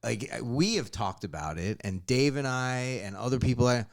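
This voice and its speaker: A man's voice: mid-range voice, animated, normal speed. A man co-hosting a podcast as a guest, rambling and reflective, with many fillers. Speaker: guest co-host, director. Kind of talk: casual chat.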